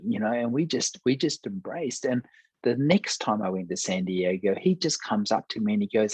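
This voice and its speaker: A pastor telling a personal testimony in conversation, earnest and acting out quoted dialogue. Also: male voice, lowish voice, normal speed, a little mellow, slightly rough, dry recording, muffled recording.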